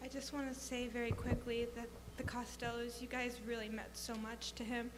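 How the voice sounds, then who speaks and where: Flat-toned woman reading a memorial letter. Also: a little high. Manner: quick asides with fillers, then reads aloud. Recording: echoey hall with faint hum.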